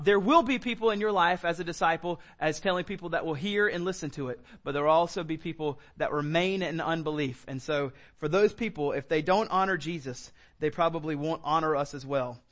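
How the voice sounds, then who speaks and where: A man's voice: a little high, fairly bright tone. A man preaching a sermon as pastor, talking in a loose, conversational way with fillers and repeated words.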